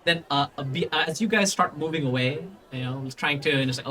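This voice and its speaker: A man's voice: on the high side, fast talker, sharp tone. A man narrating a tabletop game as game master, rambling with many restarts. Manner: rambling, full of fillers and restarts.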